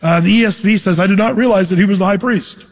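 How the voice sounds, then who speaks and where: A high-pitched male pastor teaching verse by verse in a church. His voice carries a long reverb off the hall walls, and he talks in a lively, conversational way, throwing questions out to the listeners. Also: fast talker. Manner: animated, conversational, asks the congregation questions. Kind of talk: expository Bible teaching.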